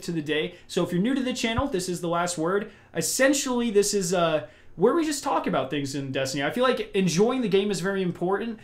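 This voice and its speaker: A young man hosts a casual gaming podcast live from home. His voice sits a bit high, and he rambles upbeat with frequent restarts. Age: young adult. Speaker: podcast host.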